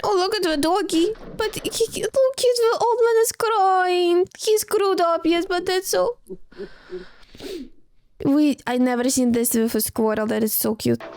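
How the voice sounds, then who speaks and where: Excitable, high-voiced woman reacting to a film. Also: a little slow, no echo. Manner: excitable, emotional running commentary. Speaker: movie reactor. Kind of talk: casual movie reaction.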